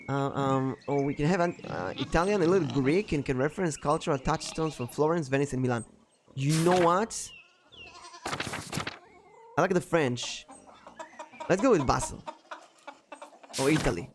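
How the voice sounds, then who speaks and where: A man's voice: a little high, noisy background. Rambling man. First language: Danish. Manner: rambling, self-correcting, laughs easily. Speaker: streamer playing a game. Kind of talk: casual let's-play commentary.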